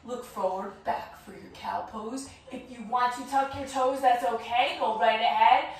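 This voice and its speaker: Woman, kids' yoga teacher, bright high voice, playful and encouraging, heard from afar in a very echoey room. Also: fairly even intonation, measured pace, vocal fry, far from the mic. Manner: playful, encouraging, sing-song. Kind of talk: guided kids yoga instruction.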